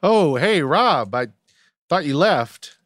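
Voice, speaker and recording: A man hosting a podcast in casual chat, teasing his co-host with deliberately wrong answers. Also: a little high, sing-song, fairly bright tone, no room sound, studio quality. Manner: teasing, deliberately obtuse banter.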